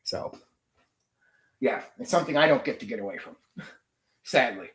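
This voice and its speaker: A man's voice: medium pitch, very animated, moderate pace, fairly bright tone. Profane ranting man in an echoey room. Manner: blunt, heavily profane, venting. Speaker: channel host. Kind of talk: casual ranting livestream chat.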